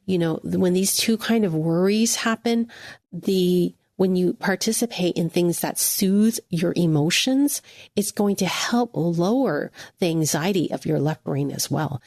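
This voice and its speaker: A woman's voice: fairly low pitch, a little slow, vocal fry, a little mellow, no room sound, studio quality. A woman hosting a devotional podcast, speaking earnestly and encouragingly straight to the listener. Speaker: podcast host.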